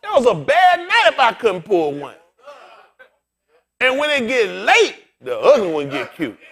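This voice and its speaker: A bald, aging pastor delivers a humorous, conversational sermon, joking and speaking straight to his congregation in an animated way. His voice is extremely high-pitched and measured in pace.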